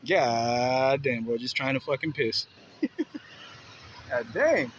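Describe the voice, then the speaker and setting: A man's voice: mid-range voice, expressive, extremely slow, rough recording. A man ranting to his phone camera at a bus stop, laughing and saying "bro" constantly. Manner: laughing, slangy, repeats "bro". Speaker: vlogger filming a street confrontation. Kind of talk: casual profane rant to camera. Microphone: handheld phone. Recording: faint outdoor street noise. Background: street and traffic ambience.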